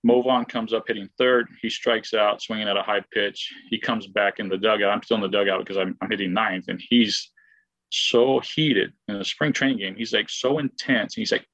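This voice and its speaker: A man's voice: fairly low pitch, fairly even intonation, moderate pace, fairly bright tone, dry recording, muffled recording. A man telling a long personal story in a rambling, casual way, full of fillers and restarts, often acting out what he said and thought at the time. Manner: rambling, filler-heavy, with frequent restarts and acted-out quotes. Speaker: guest, former baseball player.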